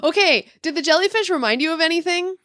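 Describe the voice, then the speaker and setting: A woman's voice: very high voice, animated, quick pace, bright, forceful tone, dry recording, clean studio sound. A woman co-hosting a podcast in casual chat, enthusiastic and bubbly, laughing often. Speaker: podcast co-host.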